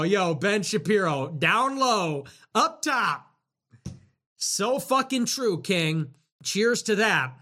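A man hosting a livestream, talking casually and sarcastically in a rambling way that swings between loud and muttered. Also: high voice, animated, slow. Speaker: livestream host. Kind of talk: casual livestream talk reading viewer messages.

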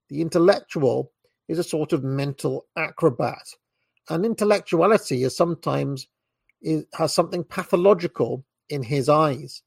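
A British man reading a book aloud in a measured way, now and then stumbling and correcting himself, with short asides of his own. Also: a little high, gravelly, a little mellow, husky, dry recording. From Britain. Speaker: reader.

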